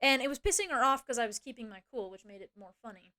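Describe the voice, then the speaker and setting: A young woman with a fairly high voice vents to her stream chat about a fight at work. She talks casually, swears a lot, and fills her speech with "like" and "you know". She speeds up in quick bursts when she quotes what she said. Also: no echo, clean studio sound. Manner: swears freely, many fillers like "like" and "you know"; animated, quick bursts when quoting herself. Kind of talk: casual storytelling rant to chat.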